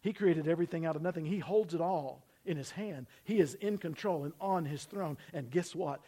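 A man preaching a sermon to his church, swinging from loud emphasis down to hushed tones and having the congregation repeat after him. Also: fairly high pitch, moderate pace, hardly any pauses. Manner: preaching with sudden loud emphasis and drops to near-whisper; asks the congregation to repeat phrases. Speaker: pastor. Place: church building.

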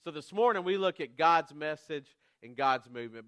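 A man in his thirties preaching a sermon, self-deprecating and conversational, with animated storytelling that builds to loud peaks. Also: a little high, normal speed, clean tone, no room sound. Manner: animated storytelling, rising to near shouts at climaxes. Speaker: guest preacher.

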